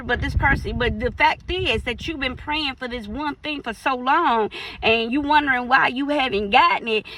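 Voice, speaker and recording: Woman minister, casual sermon, animated, slips into playful character voices. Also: high voice, dry recording, low-quality recording. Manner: animated, acts out little dialogues in playful voices. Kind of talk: casual preaching.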